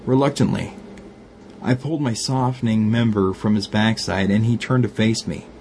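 A man with a Glaswegian accent reading an erotic story aloud, calmly narrating and voicing the lovers with light shifts. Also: on the low side, moderate pace, a little hiss or hum.

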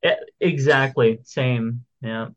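A man's voice: medium pitch, fairly even intonation, slow pace, muffled recording. A man co-hosting a podcast in casual chat, reading out birthdays and listener messages. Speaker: podcast co-host.

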